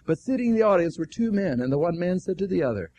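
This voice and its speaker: A man preaches a sermon as an animated storyteller, acting out the dialogue with fervent exclamations. His voice sits high and he speaks fast.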